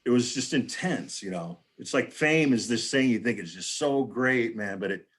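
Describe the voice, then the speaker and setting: A husky male voice of medium pitch, with lively intonation and normal speed, belongs to a guest on a live video panel. Over a video call, he spins a rambling, casual anecdote and acts out people's lines.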